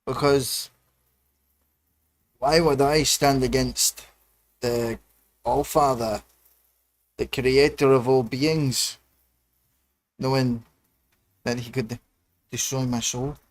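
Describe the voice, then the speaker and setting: A man's voice: mid-range voice, fairly even intonation, slow, long pauses. A man hosting a livestream, chatting casually and rambling between musings and muttered asides. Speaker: livestream host.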